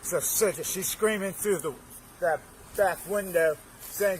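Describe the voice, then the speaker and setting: A man's voice: high-pitched, measured pace, a little hiss or hum, rough recording. A man outdoors, agitatedly retelling events to police, swearing and stumbling over his words. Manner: agitated, profane, stumbling restarts. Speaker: witness. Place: outdoors on a street. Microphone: officer's bodycam.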